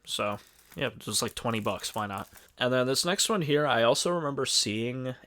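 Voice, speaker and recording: A man's voice: medium pitch, lively intonation, normal speed, sharp tone. A young man in casual chat, showing off his game pickups in a rambling, laid-back way with lots of fillers.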